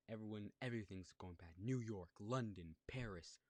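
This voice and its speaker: Low-voiced man rambling through a movie recap. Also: normal speed, darkish tone, no room sound. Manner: loose, jokey and scatterbrained, with asides to the audience.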